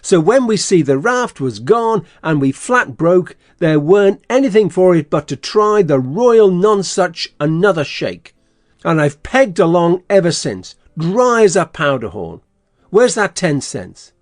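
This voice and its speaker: An actor playing a scheming, bossy swindler in an audiobook, blustering and threatening. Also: male voice, high-pitched, big pitch swings, unhurried, no room sound, studio quality, soft background music. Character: scheming middle-aged male swindler, gruff and bossy. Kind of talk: audiobook character reading.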